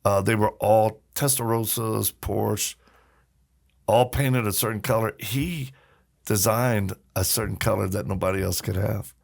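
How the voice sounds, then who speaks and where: A man who is a podcast guest, telling personal stories in a casual, animated way and acting out the voices of the people he quotes. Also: fairly low pitch, measured pace, creaky. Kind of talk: casual storytelling.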